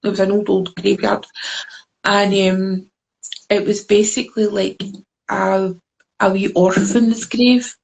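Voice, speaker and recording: Gravelly Scottish woman telling a story. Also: medium pitch, flat delivery, slow pace, pauses often, a little mellow, rough recording. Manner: rambling, many fillers and restarts. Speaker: guest, deck creator. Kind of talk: casual interview storytelling.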